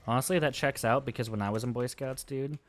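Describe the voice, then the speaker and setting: A man's voice: medium pitch, fast talker. A young man chatting with a friend while gaming, swearing and laughing as he tells a story. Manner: profane, laughing, lively storyteller. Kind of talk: casual chat while gaming.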